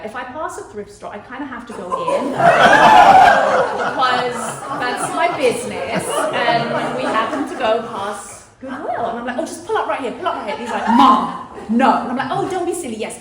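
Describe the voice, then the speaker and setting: Chatty middle-aged woman telling a story on stage. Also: fairly high pitch. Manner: chatty, laughing asides, acts out others' lines. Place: stage in a hall with an audience. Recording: echoey venue with loud audience.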